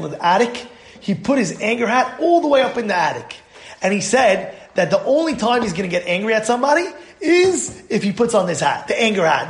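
Man, rabbi, high-pitched, animated storytelling, echoey room. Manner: animated storyteller acting out voices. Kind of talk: Torah class.

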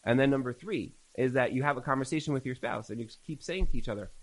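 A male Torah teacher gives a class in a lively storytelling style. He repeats key phrases for emphasis, and his voice sits in an ordinary middle pitch. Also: fast talker, few pauses, poor audio. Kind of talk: recorded religious class lecture.

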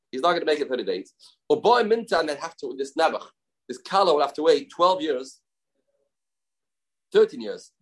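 A man's voice: a little high, poor audio. A man teaching a daily Talmud class, reading Aramaic lines and retelling the story in casual English, acting out the dialogue.

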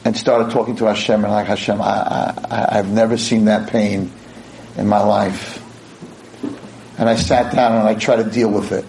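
A man's voice: mid-range voice, a little mellow, a little hiss or hum, poor audio. A male rabbi delivering a dramatic storytelling sermon, emotional and vivid.

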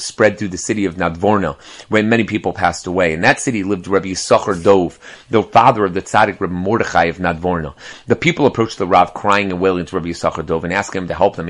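Low-voiced man giving a Torah talk. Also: fairly bright tone. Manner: conversational, tags points with "right?". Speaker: rabbi giving a Torah class. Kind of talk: Torah lecture with stories.

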